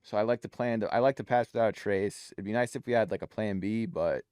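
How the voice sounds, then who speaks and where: A man's voice: lowish voice, fast, darkish tone, clean tone, dry recording, studio quality. A man playing a tabletop game, casually planning out moves aloud with hesitant starts. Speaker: player.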